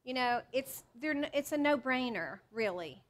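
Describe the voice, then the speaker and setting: This is a cookbook author's live cooking demonstration: she's talkative and self-mocking, often restarting her sentences as the audience in the teaching kitchen watches. Her high-pitched voice is animated and moves at a moderate pace.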